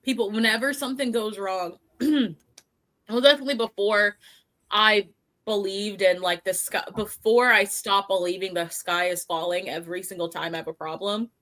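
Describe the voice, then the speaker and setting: A woman co-hosting a podcast, talking in a relaxed, casual way. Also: mid-range voice, moderate pace. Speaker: podcast co-host. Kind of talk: casual chat.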